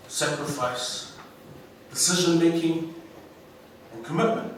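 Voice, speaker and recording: A New Zealand man speaks slowly and deliberately, weighting each phrase like a speaker at a ceremony. His voice sits slightly high. It reaches the recording from far off through the loud echo of a big school hall, with a faint hiss underneath. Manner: slow, emphatic, inspirational delivery. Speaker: graduation guest speaker. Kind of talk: ceremonial speech. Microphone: PA microphone, recorded from the audience.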